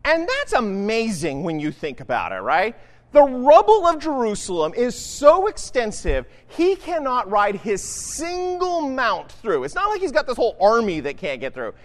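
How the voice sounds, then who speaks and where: A man's voice: very high-pitched, huge pitch swings, normal speed, big-room sound. A man preaching a sermon in a casual, conversational way, often checking in with "right?". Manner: conversational, keeps asking "right?". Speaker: pastor.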